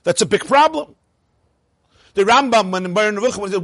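A man teaching a lively Torah class, asking rhetorical questions and chuckling at his own points. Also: high-pitched, fast, no echo.

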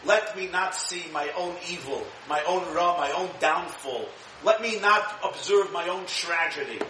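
Animated high-voiced man preaching in an echoey room. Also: measured pace. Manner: dramatic, shifts into acted quotes with rising pitch. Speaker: rabbi. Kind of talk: animated sermon. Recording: echoey room from a distance with hiss.

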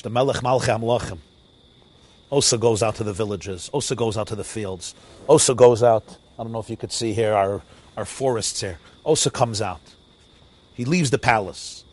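A man, a rabbi, preaching a sermon through a story, dramatic and swinging between loud and hushed, with Hebrew and Yiddish phrases mixed in, recorded outdoors near a forest. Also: mid-range voice.

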